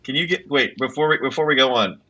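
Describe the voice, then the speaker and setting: Bright-voiced teasing man on dull audio. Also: mid-range voice, fast talker. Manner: teasing, quizzing the host. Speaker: co-host. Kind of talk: casual chat.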